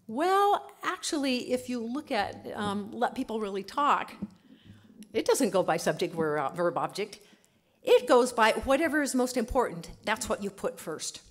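With a slightly high voice, a woman linguist gives an animated conference talk, keeping it conversational. Laughter comes frequently, and "okay" keeps popping up.

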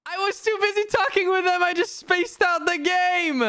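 A young woman streaming a game, loudly scolding herself and laughing at her own mistake. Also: very high voice, fairly even intonation, normal speed. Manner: exasperated self-scolding, shouting and laughing at herself. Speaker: VTuber streamer.

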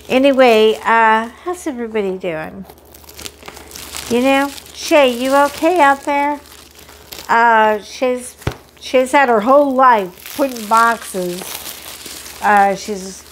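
A middle-aged woman hosting a crafting vlog, chatting casually and excitedly while unboxing, often poking fun at herself. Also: mid-range voice, slight background noise. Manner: chatty, excitable, self-deprecating.

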